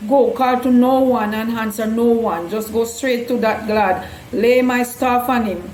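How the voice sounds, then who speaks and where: A woman voicing an old male prophet who gives slow, firm orders, in an echoey room. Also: fairly high pitch, fairly even intonation, a little mellow, a little hiss or hum, close to an everyday voice. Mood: commanding. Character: biblical prophet, older man, commanding.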